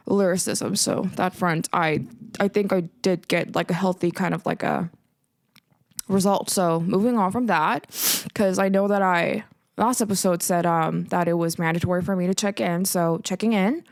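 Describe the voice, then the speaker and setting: A woman's voice: mid-range voice, dry recording. A thirty-year-old woman hosting her own podcast, rambling emotionally and close to tears, swearing and filling gaps with "um" and "like". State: teary, close to crying. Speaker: podcast host. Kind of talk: casual solo podcast chat.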